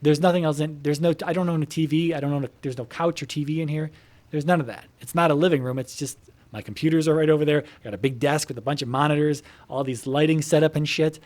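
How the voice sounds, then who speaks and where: A man games in his home computer room while rambling casually to viewers, full of fillers, offhand curses and game-related asides. He talks fast in a slightly high, steady, somewhat mellow voice.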